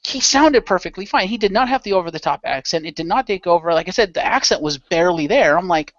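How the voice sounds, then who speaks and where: A man's voice: high-pitched, expressive, fast talker, hardly any pauses, a bit bright, dry recording. A man chatting on a podcast panel, giving opinionated rants and swearing freely. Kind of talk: casual podcast chat. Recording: dull lo-fi dry sound.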